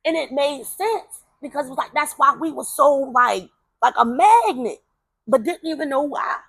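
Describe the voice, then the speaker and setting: A woman telling a personal story in a casual, animated way, acting out the voices of the people she quotes. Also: sits high, moderate pace, no echo.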